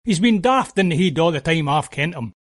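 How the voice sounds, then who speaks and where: A man with a Scottish accent voicing a crabbit, ill-natured male farm horseman who talks gruffly and sneers. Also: a little high, expressive, fairly quick, no echo, clean studio sound. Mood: scornful.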